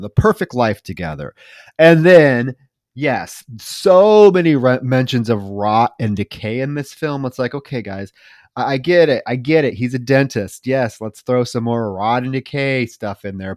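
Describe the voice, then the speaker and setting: A man's voice: mid-range voice, darkish tone, no echo. Man co-hosting a podcast, dry close sound. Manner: halting, with frequent restarts and repeated words. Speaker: podcast co-host. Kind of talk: casual film discussion.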